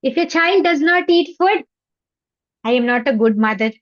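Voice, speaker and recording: Woman, high voice, parenting lecture, repeats "yes" often, slightly muffled lo-fi sound. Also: expressive, moderate pace. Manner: frequent affirming "yes", voices parents' inner thoughts. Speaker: parenting educator. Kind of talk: masterclass lecture.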